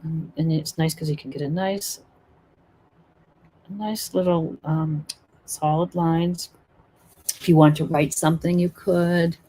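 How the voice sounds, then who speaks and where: A woman's voice: low-pitched, steady tone, a little slow, pauses often, mellow, slight background noise. A woman teaching acrylic painting in a live stream, chatting and encouraging while she works. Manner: chatty, encouraging, thinks aloud while working.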